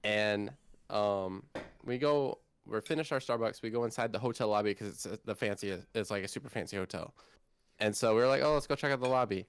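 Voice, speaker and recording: A man's voice: on the low side, brisk, a little hiss or hum. A man of about twenty, co-hosting a casual podcast chat and telling a long, rambling story with lots of energy. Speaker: co-host.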